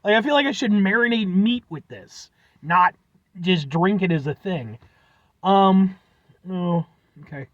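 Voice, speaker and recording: A man's voice: high-pitched, unhurried, pauses often, dry recording, highs cut off. A man casually reviewing a drink, rambling with lots of fillers and self-deprecating asides. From United States. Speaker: food reviewer. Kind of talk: casual chat.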